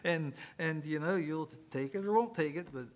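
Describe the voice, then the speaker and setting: A male preacher giving a sermon, swinging from loud emphatic lines to quiet asides and joking with the congregation. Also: on the high side, normal speed.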